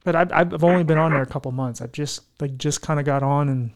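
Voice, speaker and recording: A man's voice: fairly high pitch, fast. Earnest man hosting a podcast. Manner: earnest, heartfelt, rambling. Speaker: podcast host. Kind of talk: casual podcast chat.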